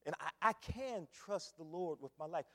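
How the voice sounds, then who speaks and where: An older man preaching a sermon, swinging between loud fervent calls and low hushed asides. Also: expressive, moderate pace, big-room sound. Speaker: pastor.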